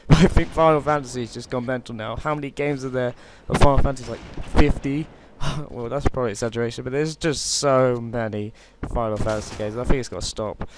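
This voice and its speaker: A man's voice: medium pitch, noisy background. A British man giving casual gameplay commentary, chatty and joking with many hesitations. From Britain. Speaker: gaming commentator. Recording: clear gunfire from game audio behind. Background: game gunfire and explosions.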